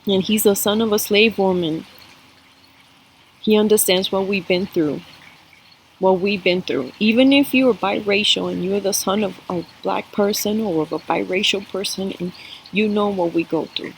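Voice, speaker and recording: Addressing her audience directly, this woman reads coffee cups and tarot, delivering a heartfelt spiritual cup reading to camera. She talks at a moderate pace in a mid-range voice, over a faint hiss or hum from the poor-quality recording.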